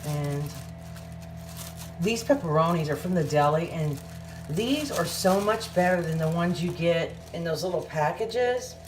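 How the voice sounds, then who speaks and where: A woman's voice: on the low side, animated, a little slow, background noise. A woman, hosting a casual home cooking vlog and chatting through each step in her kitchen. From Southern United States.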